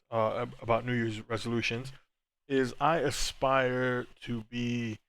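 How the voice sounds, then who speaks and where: A man's voice: mid-range voice, fairly bright tone. Candid rambling male podcast host. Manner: candid and rambling, many restarts and filler words. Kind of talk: casual chat, reading live chat.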